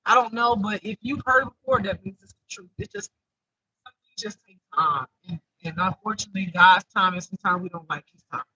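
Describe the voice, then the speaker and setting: A man's voice: high voice, a little fast, bright, forceful tone, husky, no room sound, lo-fi sound. A man giving an improvised spiritual reading to viewers, emotional and close to tears, repeating himself in a chatty way. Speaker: intuitive spiritual reader.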